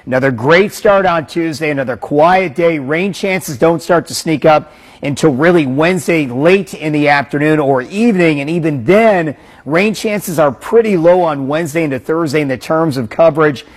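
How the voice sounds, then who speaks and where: A man presenting a local TV weather forecast in a brisk, upbeat way. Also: a little high.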